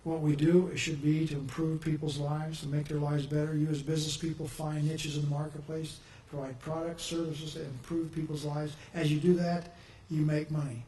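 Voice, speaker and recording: A man's voice: a little high, level tone, moderate pace, few pauses, warm tone. A man giving an earnest, upbeat public speech as a governor at a press conference. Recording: echoey room, faint noise.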